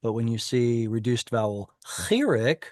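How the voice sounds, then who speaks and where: A man's voice: mid-range voice, expressive, a little slow, darkish tone, no echo. Man, teacher, patient explanations, lots of um and uh, video call audio, dry sound. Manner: patient, explanatory, with frequent fillers. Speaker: Hebrew teacher. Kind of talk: online class instruction.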